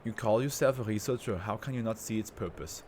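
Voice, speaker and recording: A man's voice: on the low side, brisk, darkish tone, slight background noise, close to an everyday voice. A man playing a pompous tycoon brain in a jar. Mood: haughty. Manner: pompous, grandiose and contemptuous.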